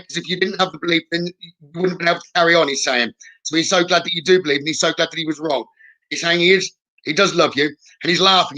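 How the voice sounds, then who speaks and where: A man's voice: a little high, pushed and bright, rough recording. A man giving spirit messages as a psychic medium, reassuring and punctuating with "okay?". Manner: reassuring, keeps adding "okay?". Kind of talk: live spirit-message reading.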